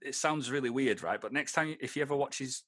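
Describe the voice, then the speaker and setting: A man's voice: mid-range voice, quick pace, fairly bright tone, slightly rough, no echo, clean studio sound. A man from Britain hosting a podcast in loose, sweary, casual chat, often acting out other people in quotes. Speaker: podcast host.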